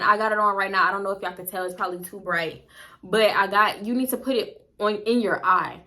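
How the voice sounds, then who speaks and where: Brief: young woman vlogger, bright and forceful tone, blunt, profane storytime delivery. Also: medium pitch, quick pace. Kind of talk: casual storytime.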